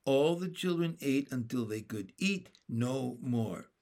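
Slow, steady male storybook reader. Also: mid-range voice. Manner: steady, plain reading. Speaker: narrator. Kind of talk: storybook reading.

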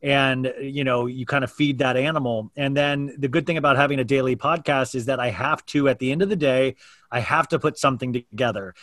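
A man's voice: mid-range voice, fairly even intonation, fairly quick, a bit bright, no echo, studio quality. A man hosting a daily podcast, talking openly in a casual, rambling way with many restarts. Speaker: podcast host. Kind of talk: casual chat.

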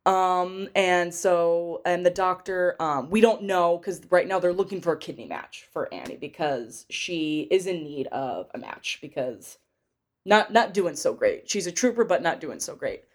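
A woman's voice: on the low side, expressive, a little slow. A young woman hosting a podcast, recapping a film in a chatty, rambling way with lots of fillers and giggles. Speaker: podcast host. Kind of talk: casual movie recap chat.

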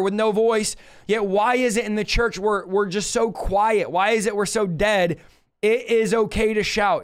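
A young man preaching on a livestream with a high-pitched voice. He teaches with emphatic energy and calls out to viewers. He reads scripture aloud and presses his points.

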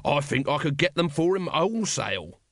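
A man's voice: fairly high pitch, sing-song, normal speed, vocal fry, a bit bright, dry recording, studio quality, exaggerated voice. Man doing a wheedling street hawker. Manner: wheedling sales patter. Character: shifty street trader, a pushy salesman.

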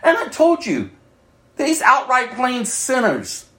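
A man preaching a sermon, moving from loud calls to hushed, near-whispered asides. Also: extremely high pitch, wildly swooping pitch, slow pace, roomy sound.

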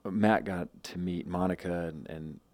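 Deep-voiced man telling a rambling story. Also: fairly even intonation, measured pace, darkish tone, dry recording. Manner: rambling, many restarts and quoted asides. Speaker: guest. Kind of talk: casual storytelling.

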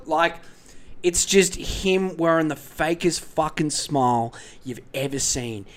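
A man's voice: a little high, moderate pace, a bit bright. An Australian man hosting a podcast in a profane, rambling comedic rant. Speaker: podcast host.

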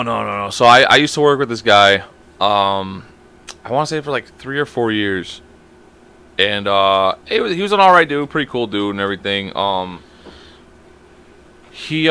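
Young dude on a podcast swearing thru a story, bright edgy voice. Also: male voice, lowish voice, expressive, normal speed, long pauses, clean tone. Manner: swearing storyteller, quotes people in raised voices. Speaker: podcast co-host. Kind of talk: casual chat.

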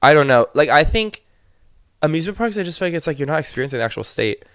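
A man's voice: fairly high pitch, very animated, quick pace, a bit bright, clean tone, no room sound. A man from Florida talking casually on a podcast, recorded close and dry with little room sound. He teases his co-host good-naturedly. He trails off into rambling, restarted sentences. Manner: rambling, hesitant, teasing. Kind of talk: casual chat.

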